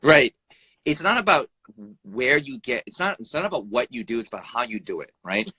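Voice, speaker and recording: A man who works as an emergency room doctor, talking bluntly over a live video stream, swearing freely, his pitch jumping up and down, and tagging "right?" onto his points. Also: fairly quick, husky, no echo. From United States. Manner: animated, pitch jumps up and down. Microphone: phone or video call mic.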